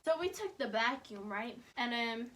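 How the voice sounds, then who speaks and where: A young woman vlogger telling a story to the camera in a lively, animated way. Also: on the high side, normal speed, background noise. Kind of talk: casual storytelling chat.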